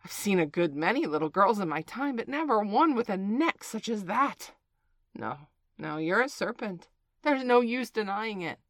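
A woman voicing a shrill, anxious female pigeon who shrieks and scolds with contempt. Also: sing-song, moderate pace, dry recording. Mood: shrill, accusing.

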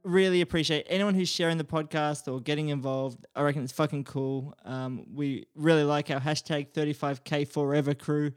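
A man's voice: fairly high pitch, little pitch movement, normal speed, hardly any pauses, clear, resonant tone, no echo, studio quality, faint music behind. A man hosting a podcast, laid-back and sweary with self-mocking humor. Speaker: podcast host. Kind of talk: casual chat.

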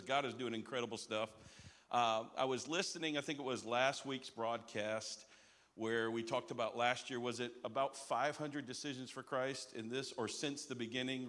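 An energetic male pastor with a medium-pitched voice delivers a live sermon in a large church auditorium, rallying the crowd with call-outs. The big sanctuary is highly reverberant.

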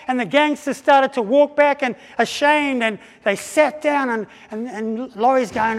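A man preaching a sermon, telling a story in an animated way and acting out the voices of the people in it, with frequent restarts. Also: very high-pitched. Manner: animated, acts out quoted voices with pauses and restarts. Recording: long hall reverb.

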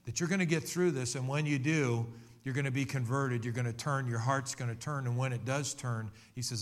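A man's voice: medium pitch, steady tone, fairly quick. A middle-aged man preaching a sermon, telling a personal testimony in an earnest, conversational way with many restarts. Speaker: pastor.

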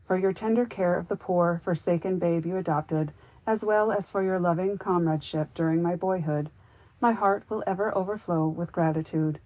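A woman's voice: lowish voice, darkish tone, dry recording, close to an everyday voice. Woman reading as earnest young Claus. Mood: solemn. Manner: solemn, earnest, formal speech. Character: earnest grateful young man leaving the forest.

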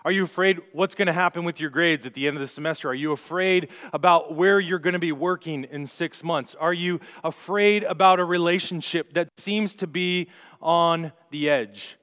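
A man's voice: a little high, normal speed, fairly bright tone. A young man preaching a sermon as pastor, telling stories earnestly with rising and falling emphasis. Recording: long hall reverb.

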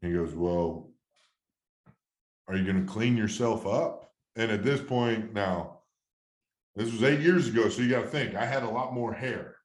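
A man's voice: fairly low pitch, moderate pace, roomy sound. A man in his thirties, a former ballplayer, telling a story from his career in a rambling, heartfelt way with many restarts. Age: 30s. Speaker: former baseball player, guest. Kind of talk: casual storytelling interview.

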